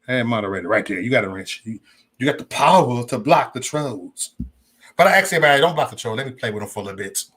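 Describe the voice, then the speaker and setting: A man's voice: mid-range voice, lively intonation, fast, a bit bright, husky. A man hosting a casual livestream, talking straight to his chat in a loose, rambling and profane way. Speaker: livestream host.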